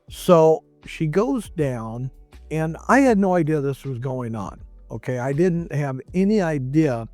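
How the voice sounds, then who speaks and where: A man's voice: mid-range voice, darkish tone. A male chiropractor telling a patient's story in a conversational way, acting out what others said. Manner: conversational, quotes others in raised voices. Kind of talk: storytelling monologue.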